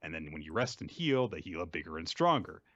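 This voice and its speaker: A cruel, smug werewolf villain sneers and brushes everyone off, as a man puts on the voice. The voice is low and swings widely in pitch. The sound is dry and slightly dull. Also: sing-song, a little fast, a bit bright, dry recording, heavily acted. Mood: gloating. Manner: sneering and offhand.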